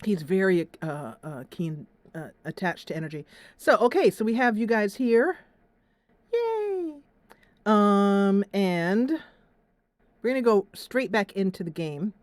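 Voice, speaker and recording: A woman's voice: mid-range voice, lively intonation, takes it slowly, no room sound. A young woman hosting her gaming livestream, chatting casually and laughing often. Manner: chatty and giggly, with frequent laughs. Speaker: gaming channel host.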